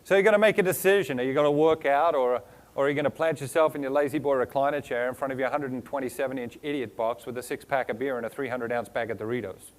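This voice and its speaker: A man's voice: mid-range voice, fast. A man with a foreign accent giving a motivational keynote to a live audience, firing off rhetorical questions and lists of words, with playful teasing. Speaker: motivational speaker. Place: stage before a live audience.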